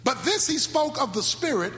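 A male pastor with speech preaches in a very high, bright voice, now shouting, now slowing to stretch his words. His voice rings through a large, echoing hall with faint music underneath. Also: big pitch swings. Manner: dramatic preaching, sudden shouts and slow drawn-out phrases. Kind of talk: sermon.

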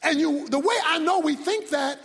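High-voiced preacher in a reverberant hall. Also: male voice, moderate pace. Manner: preaching with sudden shouts and drops to a hush. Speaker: pastor. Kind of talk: sermon.

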